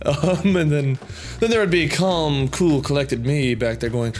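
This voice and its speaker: A man reading viewer comments aloud in casual chat, goofy and prone to loud silly outbursts, with a slightly sore throat. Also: fairly high pitch, a little slow, soft background music.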